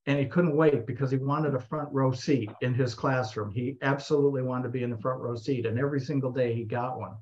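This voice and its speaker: A man with a mid-pitched voice tells a story in a talk, narrating with animation and acting out the people he quotes. The recording is slightly muffled. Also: steady tone, a little fast, few pauses, darkish tone. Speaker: speaker.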